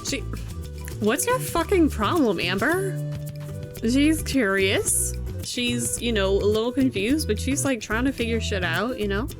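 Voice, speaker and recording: A woman's voice: on the high side, lively intonation, a little slow, music in the background. A woman streamer reading a visual novel aloud and commenting, amused and profane, laughing often.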